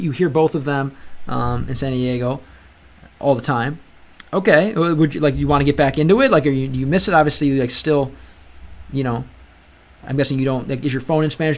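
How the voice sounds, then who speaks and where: This young man's voice is mid-range and steady in tone, delivered fast. As host of a language-learning livestream, he rambles through casual conversation with live chat, restarting often and calling everyone "bro."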